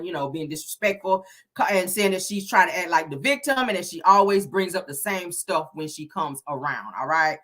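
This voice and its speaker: Animated sassy woman recapping reality TV. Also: mid-range voice. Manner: animated, sassy, profane, laughs often; acts out the cast's lines in quotes. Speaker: reality show recap host. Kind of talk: casual reality TV recap commentary.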